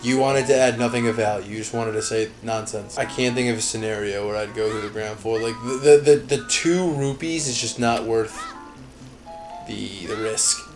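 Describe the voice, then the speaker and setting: A man's voice: fairly low pitch, steady tone, moderate pace, faint music behind. A young man giving comedic, sarcastic commentary while playing a video game, talking back to the characters on screen. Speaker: gaming channel host. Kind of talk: comedic let's-play commentary.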